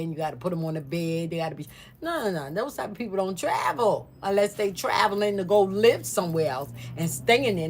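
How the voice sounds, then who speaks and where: Low-voiced woman telling a family story. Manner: animated, mimics other people's voices. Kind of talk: casual storytime chat.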